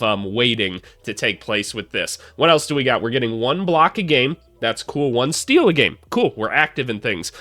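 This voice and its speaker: A man's voice: mid-range voice, sharp tone, dry recording. A young man, a former college coach, chatting casually and upbeat through a basketball scouting breakdown, a little self-deprecating.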